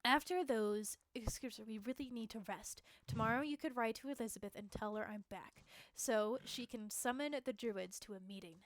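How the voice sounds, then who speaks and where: A woman's voice: a little high, moderate pace, few pauses, close to an everyday voice. A woman streamer reading aloud the lines of a shaken but determined young woman rider from a game, putting on an accent. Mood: tired. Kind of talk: dramatic game dialogue read-aloud.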